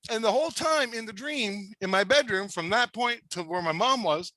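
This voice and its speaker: Excitable, foul-mouthed man telling a story. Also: high voice, moderate pace, no room sound. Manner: excitable, swears constantly, rambling. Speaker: storyteller in a conversation. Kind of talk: casual profane storytelling.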